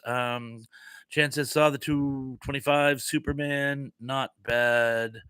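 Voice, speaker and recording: Bright-voiced man hosting a live chat. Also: medium pitch, fairly even intonation, moderate pace, clean tone, dry recording. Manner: chatty, reads comments aloud, easily flustered. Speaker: live stream host. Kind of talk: casual live chat reading viewer comments.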